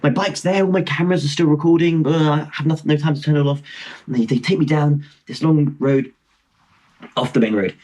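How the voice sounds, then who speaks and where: A young man in his twenties, telling a travel story on a video call as a podcast guest, animated and rambling, mocking himself and restarting his sentences. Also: fairly high pitch, brisk. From Britain. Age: 20s. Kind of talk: casual storytelling chat.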